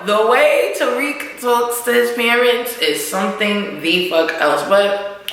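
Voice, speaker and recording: Slangy woman vlogger doing a show recap, bright voice, swears a lot, echoey room. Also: fairly high pitch, takes it slowly. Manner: animated, slangy, swears, acts out characters' lines. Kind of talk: casual TV recap.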